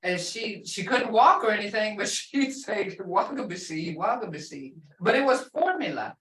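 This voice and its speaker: An older female language teacher on a video call talks in a mid-range, animated, slightly bright voice at a moderate pace. She patiently draws out each word for pronunciation practice, heard at a distance from the mic in a roomy space with a little hiss or hum.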